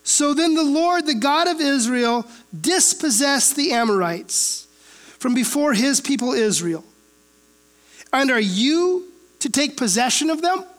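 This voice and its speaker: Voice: high-pitched, animated, measured pace. A pastor teaching a verse-by-verse Bible sermon in a conversational way, emphatic and repeating phrases for weight, often checking in with listeners through rhetorical questions.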